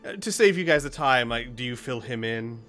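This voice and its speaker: A man narrating as game master of a tabletop game, relaxed and halting with fillers. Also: medium pitch, music in the background.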